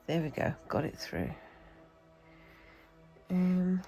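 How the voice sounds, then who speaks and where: A woman's voice: on the low side, big pitch swings, drawn-out words, creaky, mellow, soft background music, low-quality recording. A British woman with a cold, chatting and rambling casually as she demonstrates a craft, talking to herself while she works. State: has a cold. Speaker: craft vlogger.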